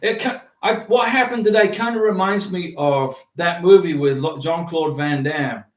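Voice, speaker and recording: A man hosting a livestream, chatting casually and reading out viewer comments in an animated, rambling way with many restarts. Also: sits high, moderate pace, far from the mic. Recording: roomy echo, from off the mic.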